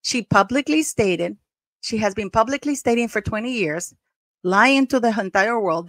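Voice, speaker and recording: A woman's voice: mid-range voice, gravelly, no echo. A middle-aged woman hosting a commentary vlog, talking bluntly and scornfully straight to her viewers. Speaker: commentary channel host.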